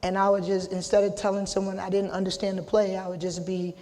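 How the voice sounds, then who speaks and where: Tearful woman, flat voice, reverberant hall. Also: mid-range voice. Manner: halting, repeats herself, casual slang. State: holding back tears. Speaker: hall of fame inductee. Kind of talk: emotional acceptance speech.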